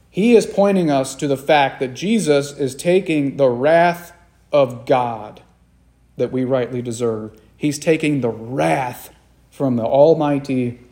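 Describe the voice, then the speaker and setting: A man's voice: mid-range voice, dark tone. A man preaching a sermon, earnest and repeating phrases for emphasis, asking his listeners questions directly.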